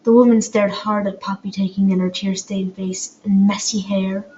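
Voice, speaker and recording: A woman's voice: mid-range voice, little pitch movement, normal speed, mellow. A woman reading an audiobook aloud, hesitant, with fillers and small slips, on a dull, lo-fi home recording with faint hiss. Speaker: audiobook reader. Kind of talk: amateur audiobook narration.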